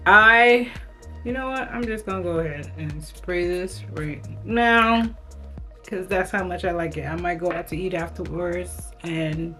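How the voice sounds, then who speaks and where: A woman's voice: on the low side, pushed and bright. A woman beauty vlogger giving a casual, enthusiastic product review, chatting directly to her viewers.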